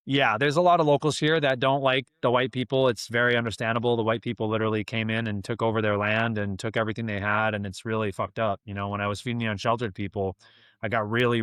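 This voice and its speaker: A young man telling a story in a casual, animated way, full of slang like "man" and "dude". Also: lowish voice, clear, resonant tone, no room sound, studio quality. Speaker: guest.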